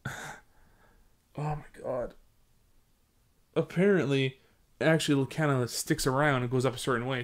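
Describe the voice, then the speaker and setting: A young man, commenting on a horror game he is playing, joking around and swearing when he gets scared. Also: mid-range voice. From Sudbury, Canada. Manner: jokey, swears, panics and yelps when scared. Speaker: let's play host.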